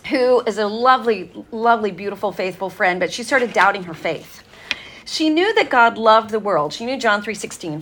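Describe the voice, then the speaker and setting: A woman speaking to a women's gathering in an earnest, conversational sermon style, telling stories with fillers and pauses. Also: on the high side, a bit bright.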